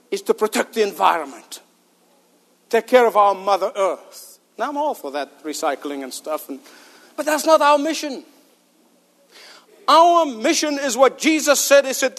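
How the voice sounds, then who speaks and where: High-voiced man preaching in a hall. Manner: emphatic, asks rhetorical questions, joking asides. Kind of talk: sermon. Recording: long hall reverb.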